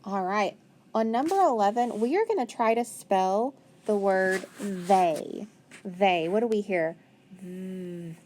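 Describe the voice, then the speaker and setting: In a phonics class for young pupils, a woman speaks at a measured pace, her mid-pitched voice animated and a little mellow, over slight background noise. She patiently questions the children, answers questions herself, praises their responses, and spells words out a letter at a time.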